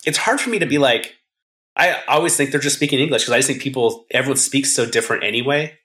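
A man's voice: medium pitch, fast talker, pushed and bright. A man co-hosting a podcast, chatting casually about a movie in a rambling, hedging way, full of fillers and restarts. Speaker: podcast co-host. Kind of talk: casual movie-review chat.

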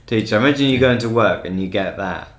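A man's voice: lowish voice, lively intonation, quick pace. A man hosting a podcast, asking loose, trailing questions in a casual chat. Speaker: podcast host. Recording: echoey room.

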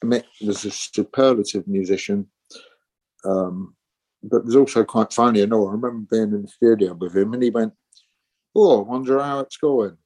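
A man's voice: fairly low pitch, moderate pace, darkish tone, breathy edge. A man in his sixties, a musician guest telling rambling stories and acting out the voices of people he quotes. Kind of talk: casual interview storytelling.

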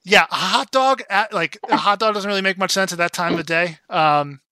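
A man's voice: high-pitched, a little fast, sharp tone, no echo. A young man casually recapping a film scene, chatty and rambling with lots of fillers and acted-out quotes. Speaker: film discussion co-host.

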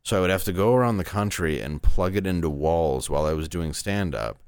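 Man in his 30s, very deep voice, smooth and resonant, dry sound, candid rambling comedian. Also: fairly quick, a little mellow, no room sound. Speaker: stand-up comedian. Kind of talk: casual interview storytelling.

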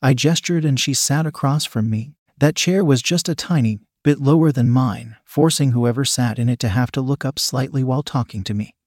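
A man reading a first-person story aloud in a calm, measured, coldly sly manner. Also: mid-range voice, no room sound, clean studio sound.

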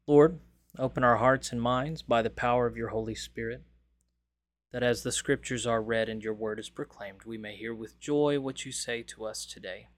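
A man hosting a daily Bible reading, praying and reading scripture aloud in a measured, reverent way. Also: mid-range voice, fairly even intonation.

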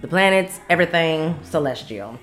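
A woman's voice: sits low, animated, moderate pace, a bit bright, soft background music. A woman in her thirties from Las Vegas hosting her own podcast, chatting casually with rambling asides and frequent laughter. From Las Vegas, Nevada. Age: 30s. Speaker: podcast host. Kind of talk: casual solo podcast chat. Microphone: studio mic on camera.

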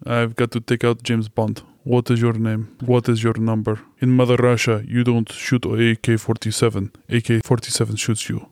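Casting: boastful drunk Russian spy, put on by a man, hammy and slow. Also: medium pitch, monotone, a little mellow, no room sound, clean studio sound, close to an everyday voice. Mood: mock menacing.

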